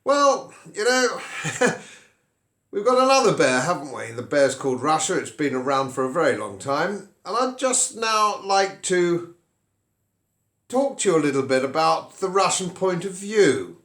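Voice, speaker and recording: An older man from England giving conversational commentary to camera, telling a wry story with animated delivery. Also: a little high, moderate pace, roomy sound.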